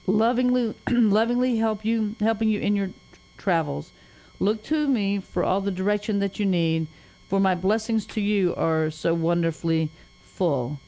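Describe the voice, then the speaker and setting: A woman's voice: mid-range voice, a little mellow. A woman reading an inspirational poem aloud on a Christian radio show, in a solemn, tender voice that rises and falls. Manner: solemn, tender reading with rising and falling phrases. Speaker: guest poet.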